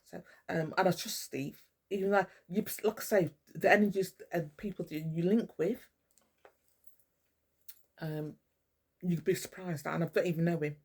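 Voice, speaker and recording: A woman's voice: lowish voice, fairly even intonation, normal speed, darkish tone, slightly rough. A woman, talking to the camera in a blunt, rambling monologue full of swearing. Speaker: vlogger. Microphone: camera mic.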